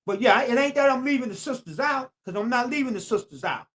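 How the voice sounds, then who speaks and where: High-voiced man preaching on a live stream. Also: animated, fast, a bit bright. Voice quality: repetitive, preacherly emphasis, repeats phrases. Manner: talks straight at viewers and greets them by name. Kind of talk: casual live-stream talk to viewers.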